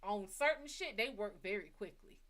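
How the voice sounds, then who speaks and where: Hosting her psychic reading show, this woman talks at a moderate pace in a mid-range voice. She recounts something from her own life in a blunt, casual, lively way, with a lot of swearing along the way.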